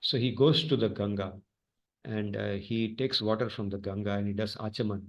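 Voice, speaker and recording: A man's voice: fairly low pitch, steady tone, normal speed. A man teaching a scripture class, telling stories expressively and mixing in Hindi phrases.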